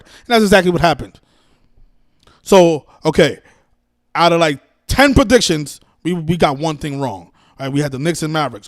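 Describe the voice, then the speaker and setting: A man's voice: on the high side, animated, fairly quick, dry recording, clean studio sound. A man hosting a livestream, scolding his viewers in an exasperated, profane rant with many restarts and repeated words. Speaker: livestream host. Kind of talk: ranting livestream monologue.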